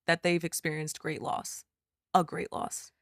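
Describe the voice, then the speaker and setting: A woman in her thirties, a podcast guest, telling stories in an animated, affirming way. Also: low-pitched, unhurried, creaky, no room sound, clean studio sound. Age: 30s. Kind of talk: casual chat.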